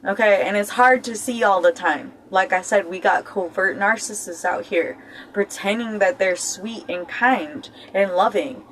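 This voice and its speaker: A woman talking straight to her viewers about life in a loose, joking way, with her voice at a middle pitch. She swears without a second thought and breaks into laughter between points. She keeps asking "okay?" to make sure they follow. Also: measured pace, slight background noise, low-quality recording. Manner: blunt, swears freely, keeps checking in with "okay?"; talks straight to viewers as "y'all". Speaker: self-help vlogger. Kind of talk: casual motivational talk.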